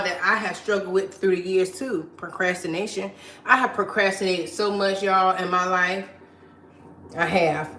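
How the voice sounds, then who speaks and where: A woman's voice: mid-range voice, a bit bright, slight background noise. A mother hosting a casual live stream from home while cleaning, chatting with viewers and encouraging them, repeating her phrases. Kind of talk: casual chat reading viewer comments. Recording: echoey room.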